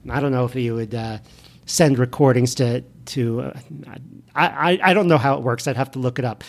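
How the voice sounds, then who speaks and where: A man hosting a solo podcast, talking in a loose conversational way with frequent fillers and self-corrections. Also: medium pitch. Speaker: podcast host.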